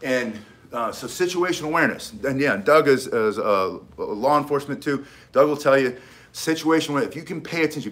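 A middle-aged man teaching self-defense in a loose, casual way. He speaks at an ordinary pitch, stresses his main points emphatically, repeats them and often starts a sentence over. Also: a bit bright. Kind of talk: casual instructional talk.

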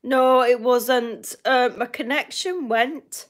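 Slow-talking Northern English woman. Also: a little high. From north of England. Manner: chatty, laughs often, repeats herself. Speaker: livestream host. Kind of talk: casual livestream chat with viewers.

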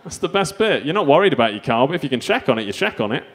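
A man's voice: mid-range voice, big pitch swings, rapid-fire, few pauses. A man doing a stand-up set, delivering self-mocking absurd one-liners. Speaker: stand-up comedian.

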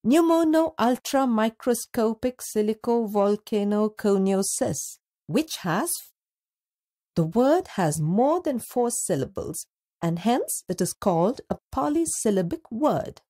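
Slow, careful woman narrating a lesson. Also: mid-range voice, very animated, dark tone, breathy edge. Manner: slow, deliberate, drawing out words syllable by syllable. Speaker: teacher narrator. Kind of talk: scripted educational narration.

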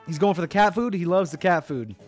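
A young man streaming, chatting casually to his viewers, excitable and animated, jumping from loud squeals down to quiet mumbles. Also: high voice, fairly quick, faint music behind. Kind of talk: casual livestream commentary.

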